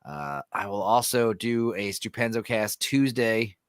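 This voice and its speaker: A man's voice: lowish voice, lively intonation, unhurried, clean tone, no echo, studio quality. A man hosting a casual podcast chat, rambling, laughing often and swearing casually, his throat a little sore. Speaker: podcast host.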